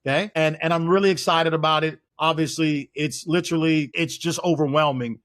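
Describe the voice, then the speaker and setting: A man's voice: fairly high pitch, fairly even intonation, fairly quick, fairly bright tone. A man from East Oakland, a guest on a podcast interview, speaking in an emphatic, preacherly way and repeating phrases for stress. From East Oakland, California.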